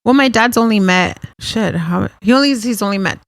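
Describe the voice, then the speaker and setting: A woman guest on a podcast telling stories in casual chat, laughing often, swearing, and talking in quick bursts. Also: medium pitch, dry recording.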